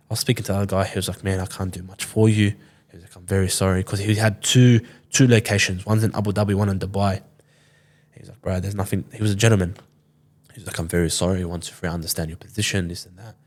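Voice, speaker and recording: A man in his twenties, a podcast guest telling a story casually, swearing often and acting out what others said. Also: deep voice. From Sydney, Australia. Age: 20s. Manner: loose, swears often, acts out quoted dialogue.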